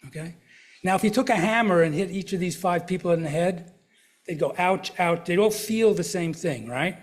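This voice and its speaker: Middle-aged male counselor, slightly higher voice, chatty lecture style, talks to the crowd in front of him. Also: fairly quick. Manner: conversational, asks the audience questions and uses examples. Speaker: counselor giving a health talk. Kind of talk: live lecture to an audience. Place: lecture room before a live audience.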